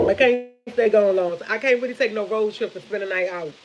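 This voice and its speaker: A woman's voice: mid-range voice, fairly quick, muffled recording. A woman chatting casually on a live stream, rambling and retelling conversations with family. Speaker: vlogger.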